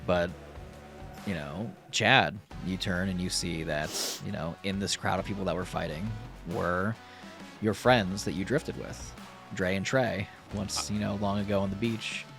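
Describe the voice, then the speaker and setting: A man's voice: deep voice, fairly even intonation, a little slow, creaky, a bit bright, soft background music. A man narrating as game master of a tabletop game, casual with filler and swearing.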